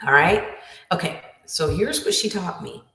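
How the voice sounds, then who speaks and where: A woman's voice: on the low side, animated, a little slow, creaky, sharp tone. A woman writing coach giving an emphatic motivational lesson, repeating her key phrases. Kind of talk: motivational teaching talk. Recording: roomy, distant from the mic.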